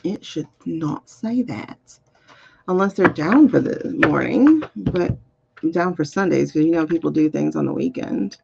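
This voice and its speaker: A woman with a low, gravelly, darkish voice speaks animatedly but without hurry, on a muffled recording with a little hiss or hum. Reading cards live, she chats casually and mutters to herself while handling links.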